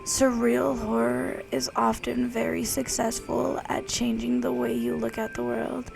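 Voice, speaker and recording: A woman voicing a shy, reserved bookish teen girl in a hushed, breathy, measured way, as a whispered role-play. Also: on the high side, fairly even intonation, a little hiss or hum, low-quality recording. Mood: soft, earnest.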